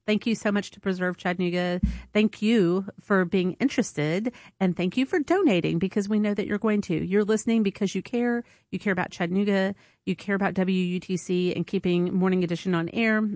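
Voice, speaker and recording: A woman's voice: medium pitch, a little fast, darkish tone, dry recording, clean studio sound. A woman hosting an on-air fundraiser at a community radio station, chatty and upbeat. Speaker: public radio host. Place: radio studio. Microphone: studio microphone.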